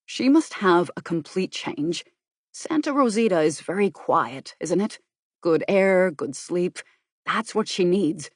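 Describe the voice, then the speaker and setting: A woman voicing a controlled, serious man who speaks in an earnest, measured way and is quietly worried and persuasive, for an audiobook. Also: on the low side, animated, no echo, studio quality.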